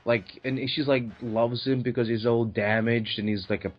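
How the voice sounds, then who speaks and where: A man co-hosting a casual comic book talk, excitable, swearing and making grand sweeping statements. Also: mid-range voice, moderate pace. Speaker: podcast co-host. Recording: dull lo-fi recording.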